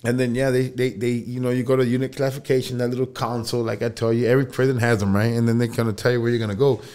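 A man's voice: mid-range voice, flat delivery, very fast, a little mellow. A man, a podcast guest telling a long story in casual, profane, laughing talk. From El Paso, Texas. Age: 40s.

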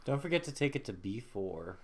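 A man's voice: lowish voice, very animated, fairly quick, slight background noise. A man chatting on a game stream, giving short replies and dry, teasing jokes. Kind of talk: casual live gaming chat.

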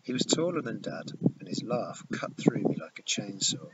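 A man's voice: medium pitch, moderate pace. Man reading a novel aloud, lo-fi. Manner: steady storytelling. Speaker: audiobook reader. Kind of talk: first-person novel narration. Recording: dull lo-fi with hiss.

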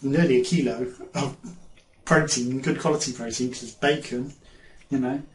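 An English vlogger chats casually through a haul video, rambling, laughing often and now and then talking with his mouth full. His voice is medium in pitch, steady in tone and normal in speed. The room is echoey, with faint background noise.

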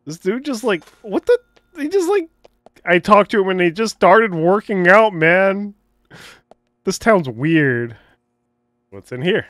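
A young man giving joking, animated commentary over a video game. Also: sits high, slow, pauses often, no echo. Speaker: gaming YouTuber. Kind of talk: let's play commentary.

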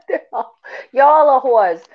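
A woman co-hosting a casual chat who teases playfully and laughs often. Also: high-pitched. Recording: dull lo-fi recording.

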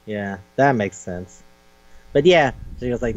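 Man, casual podcast chat, crude and animated, dull lo-fi sound with hum. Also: medium pitch. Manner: animated, crude, acts out characters in quick quoted voices. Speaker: podcast co-host. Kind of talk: casual chat, retelling a manga.

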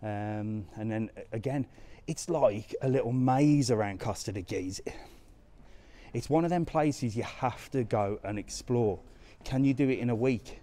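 A man with a warm, medium-pitched voice live-streams a walking tour of a resort town, moving outdoors through its streets and squares. As a travel vlogger, he chats casually and responds to comments while walking.

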